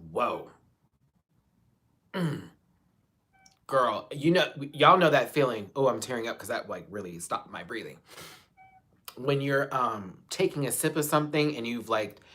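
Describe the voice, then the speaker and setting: Male live-stream host, casual chat, swears freely, lively swinging pitch. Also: slow, pauses often. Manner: chatty, expressive, swears casually, addresses viewers as y'all. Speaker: channel host. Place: seated at home in a chair.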